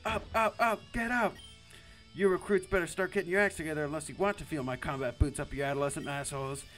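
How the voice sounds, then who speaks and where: A man's voice: on the high side, fairly even intonation, fast, a bit bright, soft background music, lightly acted. A man voicing a foul-mouthed adult male drill-sergeant teacher who barks insults and orders in a visual novel. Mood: barking. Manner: barking orders, insulting, commanding.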